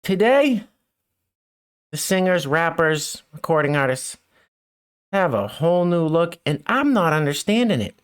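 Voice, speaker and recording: A man's voice: on the high side, moderate pace, clear, resonant tone. A middle-aged man hosting a mocking news commentary show, with sarcastic, chuckling asides. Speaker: show host.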